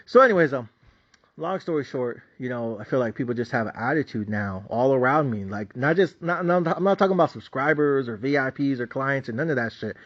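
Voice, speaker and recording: Man, middle-aged, trader, profane unscripted rant, boastful, mocking, medium pitch, dull lo-fi audio. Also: expressive, brisk. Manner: boastful, swears constantly, laughs at others mockingly. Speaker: stock market trader and channel host.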